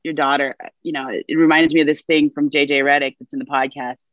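A woman's voice: sits low, fairly even intonation, quick pace, dry recording, dull audio. A woman in her thirties, a reporter guest on a podcast, animatedly recounting a story. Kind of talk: casual conversation.

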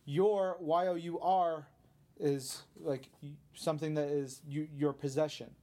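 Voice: mid-range voice, steady tone, a little slow, warm tone. Chatty podcast host reading tweets. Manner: chatty, laughs easily, riffs on questions. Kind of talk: casual podcast chat reading listener tweets.

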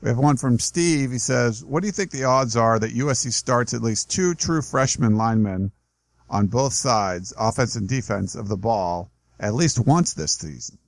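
A man's voice: mid-range voice, expressive, moderate pace, gravelly, dry recording. A man hosting a talk show, reading out listener questions in a plain, matter-of-fact way. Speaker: host.

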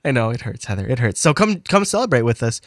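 A man's voice: medium pitch, big pitch swings, quick pace, no echo, clean studio sound. A man hosting a casual science podcast, rambling and playful, with a cold that strains his voice. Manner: rambling, self-correcting, playful asides. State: has a cold, losing his voice. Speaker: podcast host.

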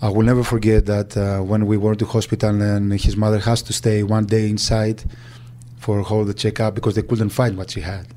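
A man with a Greek accent tells an old story in a halting way, full of fillers and restarts. His voice sits low and sounds mellow. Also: little pitch movement, a little hiss or hum. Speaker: agent. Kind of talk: interview recollection.

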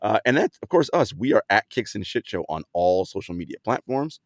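A man's voice: on the low side, sing-song, a little fast, no room sound, studio quality. A man hosting a podcast, chatting in a laid-back way with frequent fillers and easy laughs. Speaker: podcast host. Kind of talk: casual chat.

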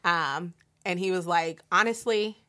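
A young woman from Delaware in casual conversation, reflective and quick to laugh. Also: low voice, lively intonation, fairly bright tone.

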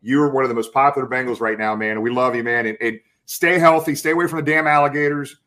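Hyped-up sports show host. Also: male voice, medium pitch, fast talker, pushed and bright. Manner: enthusiastic, hype, calls the guest brother and man. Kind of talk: casual sports interview.

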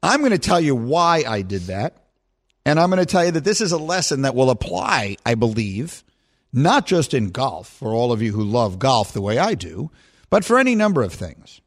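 A man's voice: medium pitch, sing-song, moderate pace. A middle-aged man hosting a sports radio show, chatting in a self-deprecating, storytelling way. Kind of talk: casual radio talk.

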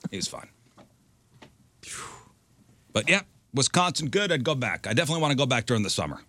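A podcast co-host with a mid-range voice, he moves a little fast while animatedly narrating a story and voicing the lines he quotes. The recording is dry and the conversation relaxed.

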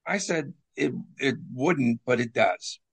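Man co-host, mid pitch with gravelly texture, playful sports-talk delivery. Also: lively intonation, slow pace. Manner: jokey, laughs at his own bits. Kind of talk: casual hockey talk.

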